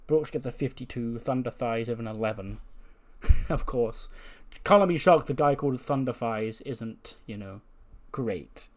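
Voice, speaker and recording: This let's-play commentator speaks a little slowly in a mid-range voice, offering wry, chatty commentary on the wrestling management game he's playing. He laughs often along the way.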